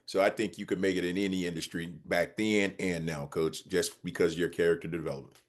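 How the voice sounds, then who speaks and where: A man's voice: deep voice, steady tone, a little fast. A man hosting a podcast, praising and affirming his guest enthusiastically. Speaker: podcast host. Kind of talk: interview chat.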